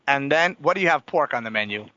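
A man hosting a radio talk show, energetic and chatty as he plugs sponsors and signs off. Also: mid-range voice, fast talker, no room sound, dull audio.

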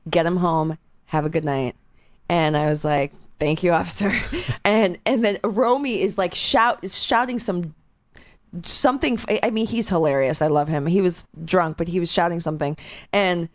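Young female host, chatty and animated, lots of "like", muffled dry recording. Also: lowish voice, moderate pace, no room sound. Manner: animated, quotes people in voices, lots of "like". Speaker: actress and radio host. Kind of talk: casual storytelling chat. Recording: dull, dry lo-fi sound.

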